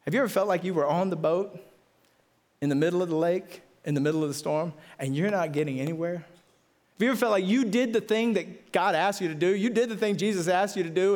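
A man preaching an impassioned sermon in a fairly high voice. He repeats phrases for emphasis and asks the listeners questions directly. His delivery climbs to excited, high peaks. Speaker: pastor.

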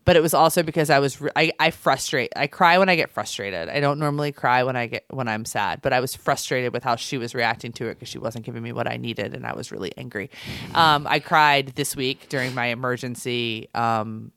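A woman in her thirties talks candidly on a podcast, her thoughts spilling out with plenty of "like" fillers. Her voice sits low in pitch. The recording is dry and close, with no room around it. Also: fairly quick, a bit bright, no echo. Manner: candid, rambling with many "like" fillers. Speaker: podcast co-host. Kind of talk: casual podcast chat.

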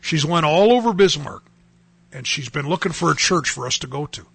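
A man shares his personal testimony in an earnest, storytelling way, now and then pushing into emphatic bursts. His voice sits a little high and bright, with a gravelly, husky edge. The sound is dry and close, with no room around it. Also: lively intonation, a little fast, dry recording. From North Dakota. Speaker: testimony speaker.

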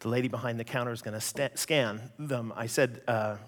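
A Canadian man preaching a sermon, an animated storyteller who acts out voices and jokes at his own expense. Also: mid-range voice, a little fast, big-room sound. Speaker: pastor.

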